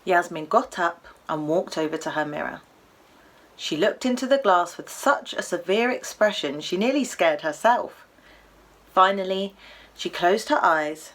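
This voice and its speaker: A woman with a slightly low voice reads her own children's book aloud. She reads in an expressive storybook style, dropping to a hush at tense moments and lifting her voice as the suspense builds. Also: a little slow. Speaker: author reading her book.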